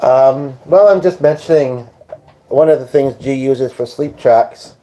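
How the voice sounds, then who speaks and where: He's a weary man hosting a live stream, chatting with viewers, answering their comments, and drifting into jokes. His voice sits in the middle range with a warm tone and a measured pace.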